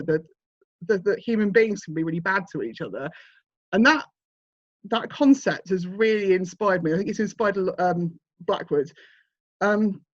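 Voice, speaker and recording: A woman's voice: medium pitch, dry recording. A woman in her forties presents her books in a rambling, self-deprecating way and keeps restarting her sentences. The video call audio is dull and muffled, with no room sound at all. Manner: chatty, self-deprecating, many restarts and fillers. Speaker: graphic novelist presenting her work. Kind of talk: informal talk with slides.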